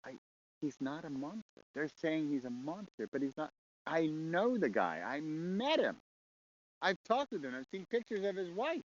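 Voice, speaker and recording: A man's voice: on the high side, sing-song, normal speed. Earnest frontline soldier, played by a man; faint hiss. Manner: earnest, insistent. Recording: slightly dull recording, faint hiss.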